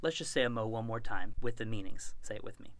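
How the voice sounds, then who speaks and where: A man teaching a recorded Latin lesson, reciting verb forms slowly and clearly and inviting the listener to repeat after him. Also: lowish voice, a bit bright, no echo. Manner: slow, deliberate, clearly enunciated recitation. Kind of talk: recorded language lesson with call-and-response drills.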